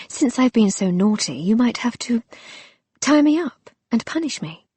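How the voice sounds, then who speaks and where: Woman reading as a young wife, breathy, husky, teasing, coy, audiobook. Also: a little high, sing-song, normal speed, warm tone, no echo, pitched above the performer's own voice. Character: young bold playful English wife.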